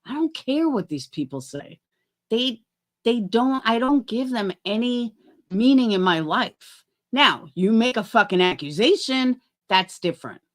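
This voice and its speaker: A woman's voice: a little high, big pitch swings, measured pace. A middle-aged woman chatting on a livestream, rambling and swearing as she talks to her chat by name.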